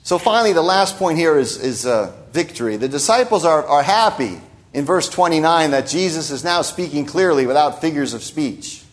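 Man, pastor, conversational sermon, animated intonation, frequent rhetorical asides. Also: on the high side.

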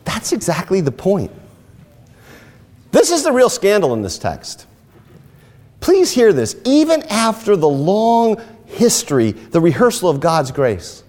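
A man preaching a sermon, telling stories and rising into emphatic, animated lines. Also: sits high. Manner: animated storytelling with emphatic rises. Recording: long hall reverb.

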